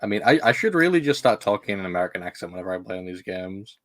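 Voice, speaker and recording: A man's voice: sits low, very animated, racing. A British man playing in a tabletop game, chatting casually with dry, understated humour. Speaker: player. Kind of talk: casual chat.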